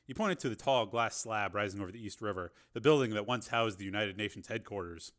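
A man's voice: fairly low pitch, a little fast, a bit bright. A man narrating a novel as an audiobook, reading steadily with the odd filler.

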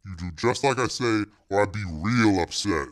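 A man's voice: fairly low pitch, moderate pace, voice pushed down, lightly acted. A man reading a crime novel aloud, voicing a menacing hitman with clipped street slang. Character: tough, menacing male hitman named Ice.

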